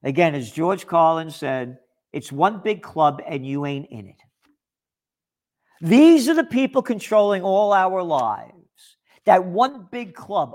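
A man's voice: on the high side, animated, unhurried. A man ranting in political commentary, sarcastic and emphatic.

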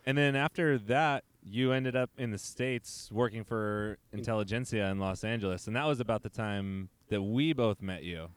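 A man's voice: on the low side, moderate pace, hardly any pauses, smooth. A man co-hosting a podcast outdoors, asking questions with dry, joking asides. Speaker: podcast co-host. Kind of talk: casual podcast interview.

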